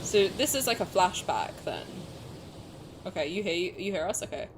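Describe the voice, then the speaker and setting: A woman's voice: fairly low pitch, normal speed. Young woman streamer, chatty and sweary, voice bounces up and down a lot, bit of hiss. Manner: expressive, swears, jokey. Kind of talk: casual gameplay commentary.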